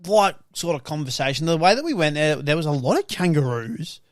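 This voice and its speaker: A young Australian man with a fairly high voice chats on a podcast, rambling and swearing as he tells a story. The sound is dry and close, with no room around him. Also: a little fast, no echo. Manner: swearing, rambling and animated, with lots of fillers. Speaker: podcast co-host. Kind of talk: casual storytelling chat.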